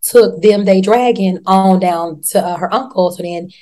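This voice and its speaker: Woman, casual show recap, slangy, profane, acts out every character, mid-pitched voice. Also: normal speed, dark tone.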